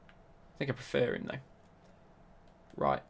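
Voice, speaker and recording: A young man chatting casually on a live stream while he plays, bantering and answering his chat. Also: a little slow.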